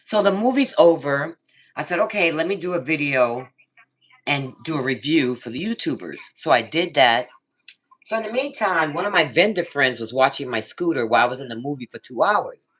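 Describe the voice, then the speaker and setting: A middle-aged vlogger tells a story casually, swearing freely and speaking animatedly to her viewers and a friend. Her husky voice sits low and keeps a moderate pace.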